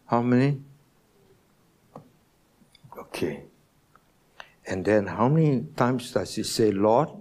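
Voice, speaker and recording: A man preaching a sermon as senior pastor in a church, teaching slowly and asking the congregation questions. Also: medium pitch, animated, darkish tone. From Singapore.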